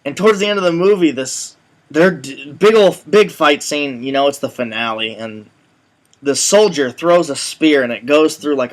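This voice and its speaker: A man co-hosting a casual web show, telling stories in an animated way and swearing now and then. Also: fairly high pitch. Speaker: co-host. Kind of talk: casual chat.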